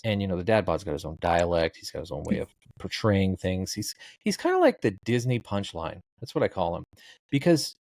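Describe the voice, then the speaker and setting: A man's voice: low voice, sing-song, brisk, gravelly, darkish tone, dry recording. A middle-aged man, a podcast guest, telling rambling stories with dry, laid-back jokes. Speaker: guest, social media comedian. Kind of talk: casual interview chat.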